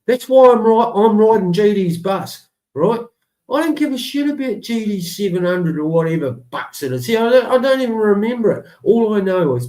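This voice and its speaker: A man's voice: high-pitched, sing-song, moderate pace, mellow, roomy sound. A man on a video call as a guest on a live stream, speaking in an angry, blunt and insulting way.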